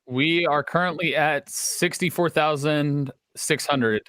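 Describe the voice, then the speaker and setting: A man co-hosting a charity livestream, telling a story in a calm, earnest, steady way. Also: on the high side, slow, clean tone, no room sound. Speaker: livestream co-host.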